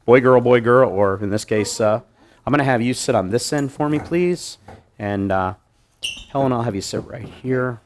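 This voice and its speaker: A man's voice: mid-range voice, moderate pace, a little hiss or hum. Joking man presenting hypnosis live. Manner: joking, animated, many restarts. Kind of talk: live stage demonstration talk. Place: meeting room with audience.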